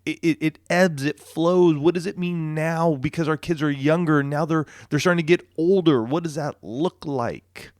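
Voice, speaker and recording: A man co-hosting a marriage podcast, talking in a relaxed, reassuring way with frequent restarts. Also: on the high side, moderate pace, hardly any pauses, no echo, studio quality. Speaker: podcast co-host. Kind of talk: casual marriage podcast talk.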